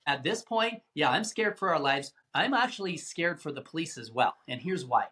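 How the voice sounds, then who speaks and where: A middle-aged man, a podcast guest, recounting a tense rescue mission in vivid, animated storytelling with acted-out quotes. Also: on the high side, normal speed. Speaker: guest, anti-trafficking rescuer. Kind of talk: dramatic storytelling in a podcast interview.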